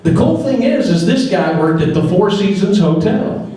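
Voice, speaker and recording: A man's voice: high-pitched, lively intonation, normal speed, warm tone, far from the mic. A man emceeing an awards banquet, folksy and joking as he tells a long joke to the room. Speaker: master of ceremonies. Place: banquet hall. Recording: echoey banquet hall, mic heard from afar.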